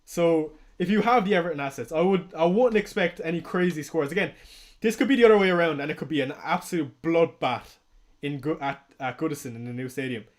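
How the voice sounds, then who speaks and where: A young Irish man chats on a live stream in a fairly high voice. He talks casually and excitably, swears freely and laughs often. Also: fairly quick. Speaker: fantasy football streamer. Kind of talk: casual livestream commentary.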